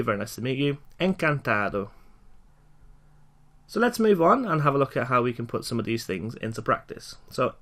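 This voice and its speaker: A man giving a recorded lecture for learners, slowly and clearly repeating each phrase for them to follow. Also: medium pitch, fairly bright tone. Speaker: language teacher.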